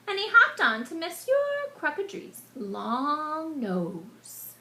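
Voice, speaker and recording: Woman reading a kids book out loud, bright voice, slow, explains stuff as she goes. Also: sits high. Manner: animated, explains words to kids. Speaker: storyteller reading to children. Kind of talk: picture book read-aloud. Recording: echoey room.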